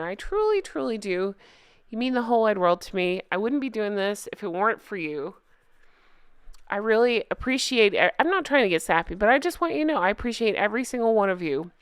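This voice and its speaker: A woman's voice: medium pitch, a bit bright, smooth, no echo, studio quality. A woman recapping reality TV on her own channel, rambling and giggling as she talks straight to her viewers. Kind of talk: casual chatty recap.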